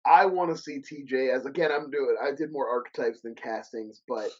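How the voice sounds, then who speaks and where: A man's voice: medium pitch, normal speed. A man co-hosting a podcast, chatting loosely and breaking off his own sentences in casual chat. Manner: chatty, loose, self-interrupting. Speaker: podcast co-host. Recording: muffled lo-fi podcast audio.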